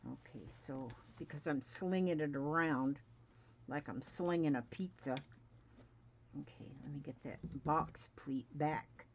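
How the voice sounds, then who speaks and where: An unhurried woman in her seventies with a low voice who chats and mutters to herself as she works through a sewing demonstration. She was recorded on a dull, lo-fi home setup with faint noise in the background. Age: 70s. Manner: chatty, mutters to herself while working. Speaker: crafting vlogger.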